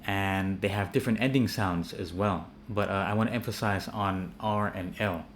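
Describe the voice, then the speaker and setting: A man with a fairly low voice and an American accent teaches pronunciation in an easygoing, unscripted way, often circling back on his words. Faint ambience hangs in the background. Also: normal speed, slight background noise. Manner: relaxed, many fillers and repeated words. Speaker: English teacher. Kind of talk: casual spoken English lesson.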